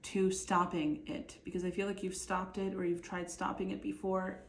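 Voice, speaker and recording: A woman's voice: on the low side, normal speed, a little hiss or hum. Chatty woman giving a tarot reading, echoey room. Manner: relaxed, chatty, many fillers and restarts. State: bit of a cough and hiccups. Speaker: tarot reader. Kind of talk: casual spoken tarot reading to camera.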